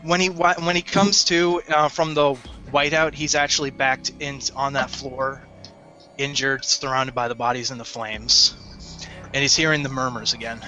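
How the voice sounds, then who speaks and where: A man narrating a tabletop game as game master in a descriptive, halting way. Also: mid-range voice, little pitch movement, sharp tone, highs cut off, soft background music.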